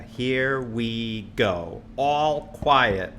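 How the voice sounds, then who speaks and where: A man teaches a drum lesson, counting sixteenth notes aloud patiently in a low, steady voice and stressing slow, accurate practice. He's recorded on a stand-mounted studio mic near the kit, with a little hiss or hum.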